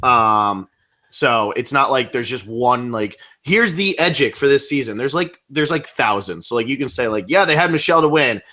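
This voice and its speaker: A young man co-hosting a casual live podcast, talking quickly in a rambling way, full of fillers and restarts. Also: mid-range voice, animated, sharp tone. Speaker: co-host of a reality show podcast. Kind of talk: casual live-stream chat.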